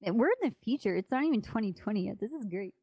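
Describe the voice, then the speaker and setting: A young adult woman in casual role-play banter, blunt and quick to swear. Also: medium pitch, lively intonation, mellow, husky, no echo, clean studio sound. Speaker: streamer playing a role-play character.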